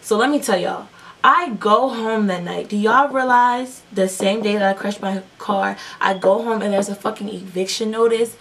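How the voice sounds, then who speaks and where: A woman's voice: mid-range voice, normal speed, a bit bright, distant mic. A young woman telling a long, profane storytime while doing her makeup, rambling with lots of fillers. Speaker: beauty vlogger.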